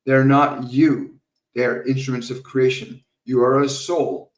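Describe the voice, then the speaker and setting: A man working as a spiritual medium on a live Q&A stream, answering viewers and leading a guided breathing meditation in a calm, slow, repetitive way with soft laughs. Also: medium pitch. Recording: roomy sound, distant from the mic.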